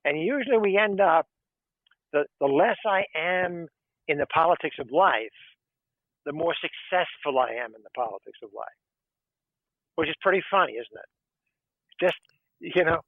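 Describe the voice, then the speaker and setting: A man's voice: a little high, expressive, normal speed, long pauses, dry recording. New attorney guy rambling, lots of "okay", phone-like sound. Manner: rambling, peppered with "okay" and "you know". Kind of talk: conversational interview talk.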